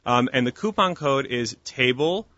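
Bright-voiced, earnest talkative man. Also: mid-range voice, animated, normal speed, no room sound. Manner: earnest, talkative, restarts often. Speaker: guest, kosher meat company founder. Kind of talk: casual interview chat. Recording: dull lo-fi dry recording.

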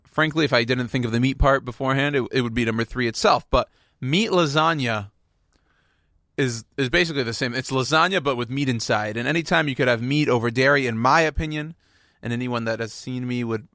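A man's voice: medium pitch, a little fast, bright, forceful tone, no echo. A man hosting a radio show, chatting casually in a rambling, playful, self-mocking way at a studio microphone.

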